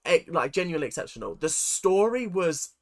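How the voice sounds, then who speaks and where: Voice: mid-range voice, sing-song, brisk. A reaction video host giving chatty, rambling commentary, laughing often and swearing casually.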